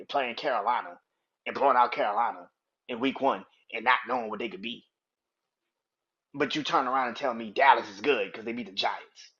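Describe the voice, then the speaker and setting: A man's voice: mid-range voice, fairly bright tone, breathy edge, lo-fi sound. A man hosting a sports podcast, ranting in a heated, profane, incredulous way. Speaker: podcast host. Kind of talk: sports opinion rant.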